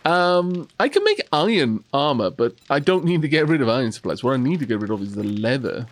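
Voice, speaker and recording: A man's voice: medium pitch, animated, a little fast. A man hosting a co-op game let's play, chatting casually with dry sarcastic humor and frequent hesitations. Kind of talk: casual co-op gameplay chat.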